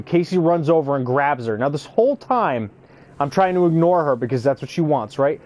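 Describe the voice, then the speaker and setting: Brief: high-voiced young guy, profane, animated storyteller, casual gaming chat. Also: brisk. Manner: animated, profane, acts out quotes. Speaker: youth care worker.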